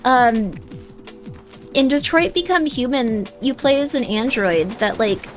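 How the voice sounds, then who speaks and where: Over faint game music, a woman with a voice on the high side talks at a measured pace during a casual livestream. She rambles as she plays, leaning heavily on "like" and other fillers.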